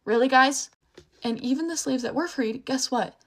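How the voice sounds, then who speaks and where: Heated young woman ranting, high voice. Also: normal speed, a bit bright. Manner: heated, profane, rambling with restarts. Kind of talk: casual vlog rant.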